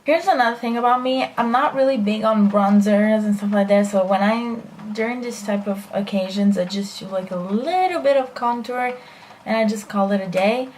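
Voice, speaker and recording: A young woman talks casually through her makeup routine, rambling and self-deprecating with plenty of fillers. Her voice sits at a middle pitch, and a faint hiss of background noise runs under it. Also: moderate pace, a little mellow. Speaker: beauty vlogger. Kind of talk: casual makeup tutorial chat.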